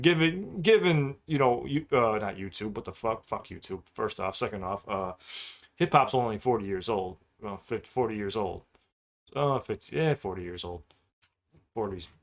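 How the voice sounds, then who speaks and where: Host for a rap reaction clip: a man with a mid-range voice, excitable and foul-mouthed, unpacking lyrics as he goes. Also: medium pitch. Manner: excitable, profane, breaks down lyrics line by line. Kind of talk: casual reaction commentary.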